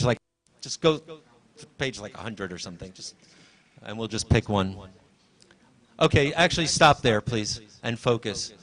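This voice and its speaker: At a library launch in a university event hall, a man gives a live presentation, chatty and rambling, often correcting himself and directing his helpers. His voice is a little high and fairly bright.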